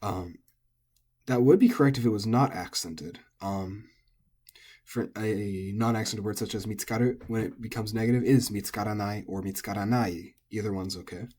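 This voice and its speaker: A man's voice: on the low side, moderate pace, darkish tone. A man, an English speaker, giving a casual recorded language lesson, thinking aloud with frequent ums and self-corrections. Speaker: language teacher.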